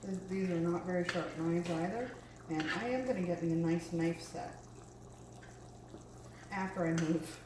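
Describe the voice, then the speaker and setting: A woman's voice: fairly low pitch, normal speed, long pauses. A woman chatting casually while cooking at home, filling her talk with ums and little asides. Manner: chatty, full of fillers and asides. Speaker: home cook vlogger. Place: home kitchen. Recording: roomy kitchen with loud background noise.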